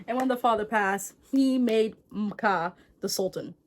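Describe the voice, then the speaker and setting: A woman telling a folktale to camera in a casual, chatty vlog style. She uses slang and wanders off into digressions as she talks. Her tone stays relaxed and conversational. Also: mid-range voice, unhurried. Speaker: storyteller vlogger.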